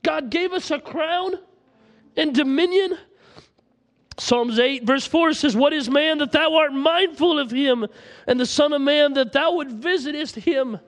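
Man, preacher, sermon, very high voice, impassioned, quoting scripture. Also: measured pace, fairly bright tone. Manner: impassioned, reciting scripture aloud.

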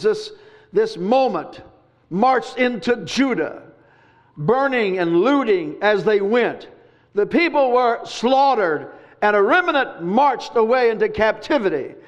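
Preacher, man, very high voice, repeats lines and bursts into shouts; dull lo-fi recording. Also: lively intonation, measured pace. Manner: emphatic, repetitive preaching with sudden shouts. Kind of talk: sermon.

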